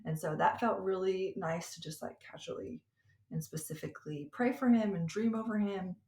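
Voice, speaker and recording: A woman podcast host and coach in her thirties, telling a personal story in a chatty, animated way that often breaks into laughter. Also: mid-range voice, normal speed. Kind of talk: casual storytelling monologue. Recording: roomy echo.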